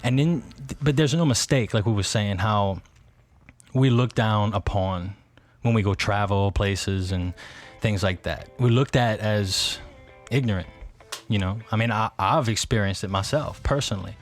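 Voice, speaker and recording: A man from Louisiana with a South Louisiana accent, co-hosting a podcast and telling stories quickly, with frequent laughter. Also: fairly low pitch, soft background music. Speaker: podcast co-host. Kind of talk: casual podcast chat.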